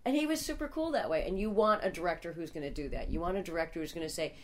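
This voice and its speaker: A woman's voice: on the low side, animated, quick pace, few pauses. A middle-aged woman, guest on a casual movie review chat, joking and laughing a lot as she talks. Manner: jokey, laughs often, breaks into mock voices. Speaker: guest co-host, actress and musician.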